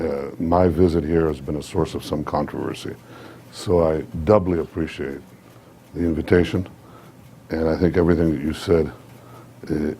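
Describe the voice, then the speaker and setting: A man with a sore throat, giving measured public remarks at an event, pausing often with fillers. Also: rumbling low, warm tone, slight background noise. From Israel. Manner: measured, hesitant with many fillers. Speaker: guest speaker.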